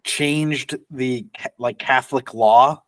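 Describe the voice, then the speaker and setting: A man's voice: medium pitch, slow, fairly bright tone, no echo. Guy cohosting a podcast, joking around, rambly, dry close mic. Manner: joking, rambling with restarts and laughs. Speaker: podcast co-host. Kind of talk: casual chat.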